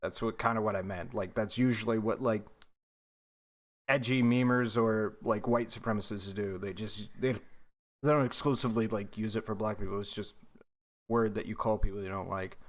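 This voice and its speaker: A man's voice: fairly low pitch, fairly even intonation, moderate pace. A young man streaming, talking loosely in casual reaction commentary with lots of fillers. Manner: loose, rambling, filler-heavy.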